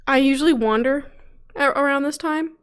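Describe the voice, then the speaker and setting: A woman with a bright, high voice talks loosely with a fellow player after a roleplay session. She laughs often and drops the odd swear word. The talk is relaxed and unscripted. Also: moderate pace. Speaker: roleplay host. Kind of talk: casual out-of-character chat. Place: home room being moved out of.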